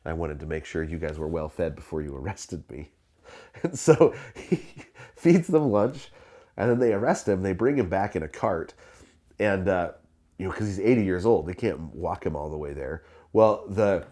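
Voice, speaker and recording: A man's voice: low voice, dark tone. A man preaching in a conversational storytelling way, often restarting sentences with fillers and laughing as he goes. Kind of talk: sermon storytelling.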